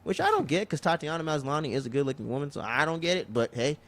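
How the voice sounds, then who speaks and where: A man co-hosting a podcast, recapping an episode in casual chat, telling it loosely and profanely with quick impressions of the characters. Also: on the high side, very animated, fairly bright tone. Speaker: podcast co-host.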